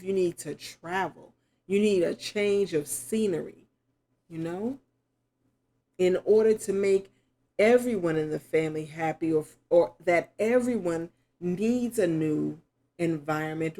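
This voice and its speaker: A middle-aged woman giving a spoken tarot reading, slow and reflective, musing aloud with sudden exclamations. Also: fairly low pitch, mellow. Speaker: tarot reader.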